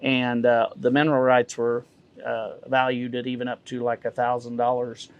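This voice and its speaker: A middle-aged man, a realtor and auctioneer answering interview questions in a measured, folksy way with many fillers. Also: medium pitch, monotone, smooth, highs cut off.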